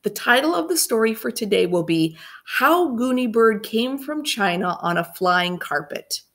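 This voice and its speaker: A woman's voice: a little high, animated, normal speed, a bit bright, pitched above the performer's own voice. A woman voicing a confident, bossy little schoolgirl who tells stories to her class in a firm, precise way. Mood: self-assured. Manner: firm, precise, self-assured.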